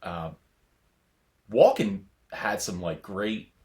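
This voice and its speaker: Low-voiced guy in his 30s rambling thru stories on a podcast, laughs a lot. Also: very animated, drawn-out words, darkish tone. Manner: rambling storyteller, laughs often. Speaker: podcast co-host. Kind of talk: casual chat.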